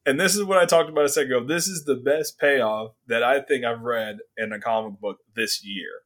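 A man co-hosting a casual comic book review podcast, animated, laughing often and acting out characters' lines. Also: medium pitch, brisk. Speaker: podcast co-host.

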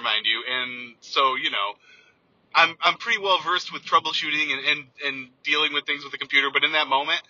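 A man's voice: on the high side, sharp tone, no room sound, highs cut off. A man telling a personal story in an earnest, heartfelt way, often restarting his sentences. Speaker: computer teacher sharing a personal story.

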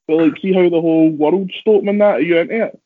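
Talking at a quick pace in a voice on the high side, a young Scottish pro wrestler rambles casually for a podcast and keeps putting himself down in jest. The audio is dry and lo-fi, resembling a phone call.

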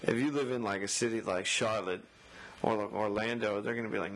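A man's voice: on the low side, fairly even intonation, brisk, fairly bright tone, a little hiss or hum, poor audio. A man co-hosting a podcast in easygoing chat. He rambles through his points with lots of filler words and chuckles often. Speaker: podcast co-host. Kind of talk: casual chat.

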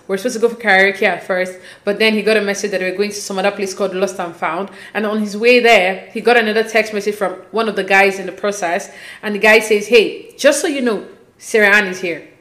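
A woman giving a casual, opinionated recap of a reality show, slipping quoted lines into her talk. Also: mid-range voice. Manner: animated, quotes people in quick asides. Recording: echoey room.

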